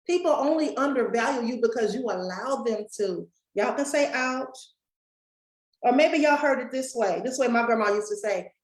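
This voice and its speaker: A woman's voice: fairly high pitch, a little mellow, echoey room, rough recording. A woman giving a folksy motivational talk to a live and online audience, speaking straight to the crowd. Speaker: summit speaker and coach.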